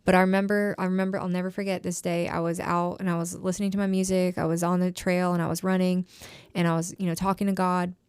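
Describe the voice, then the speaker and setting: A woman's voice: on the low side, flat delivery, fast, darkish tone, clean tone, no room sound, studio quality. A young woman sharing her personal recovery story as a podcast guest, emotional and full of "like" fillers. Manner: emotional, frequent "like" fillers, trailing phrases.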